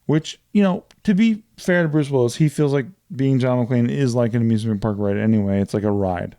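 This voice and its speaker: A man in a loose, casual chat, swearing freely as he recaps movie plots with lively energy. His voice sits at an ordinary middle pitch with a mellow, dark tone. The sound is dry and close. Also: brisk, clean tone, no room sound. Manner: profane, animated retelling of movie plots. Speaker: podcast co-host.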